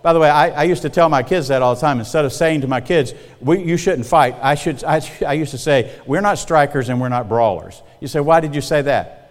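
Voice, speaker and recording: A man's voice: on the high side, a little fast. Folksy preaching man in a reverberant hall. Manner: folksy, conversational, checks in with the congregation. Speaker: pastor. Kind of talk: sermon.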